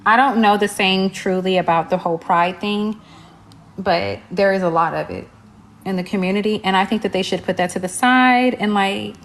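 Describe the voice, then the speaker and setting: A woman's voice: fairly low pitch, poor audio. A woman being interviewed on a livestream, who gives short, matter-of-fact answers. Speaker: interview guest. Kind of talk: casual live interview.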